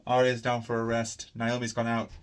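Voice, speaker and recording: A man's voice: mid-range voice, completely flat delivery, moderate pace, smooth. A tired man, chatting casually to camera in a rambling, easygoing vlog. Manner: rambling, easygoing, many fillers. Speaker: vlogger.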